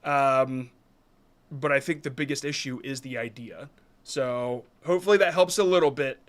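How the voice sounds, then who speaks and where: A man's voice: mid-range voice, moderate pace. A man hosting a live stream, reviewing viewers' short videos in casual commentary that is hesitant and apologetic, with many restarts.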